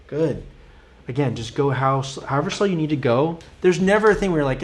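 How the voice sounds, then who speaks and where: A man's voice: medium pitch, expressive, quick pace, soft background music. A man teaching a drum lesson, counting and singing rhythms aloud while he plays, patient and encouraging, often checking in with the viewer. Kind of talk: live-streamed drum lesson.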